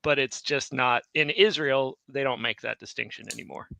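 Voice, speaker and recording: Man, insistent co-host, tense bright tone, close and dry. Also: medium pitch, moderate pace, vocal fry, no echo, low-quality recording. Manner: insistent, chiming in with corrections. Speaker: co-host of class. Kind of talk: casual classroom discussion.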